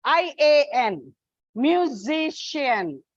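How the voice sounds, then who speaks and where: Woman English tutor, high voice, dry dull recording, slow and deliberate drilling. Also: sing-song, no room sound. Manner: slow, deliberate, spells out word endings and repeats words. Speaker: English teacher. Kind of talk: classroom lesson on word stress.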